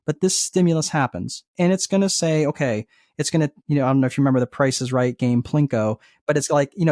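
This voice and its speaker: Male guest coach, mid-range voice, lively explainer who acts out inner dialogue, dry room. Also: medium pitch, no room sound. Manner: energetic, acts out inner dialogue, frequent "right?" checks. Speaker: guest life coach and entrepreneur. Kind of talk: conversational teaching.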